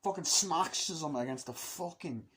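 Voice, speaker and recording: A man's voice: on the high side, measured pace, a bit bright, a little hiss or hum. A man giving an unscripted movie review in a rambling way, swearing a lot and using many fillers. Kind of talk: casual, unscripted spoken review.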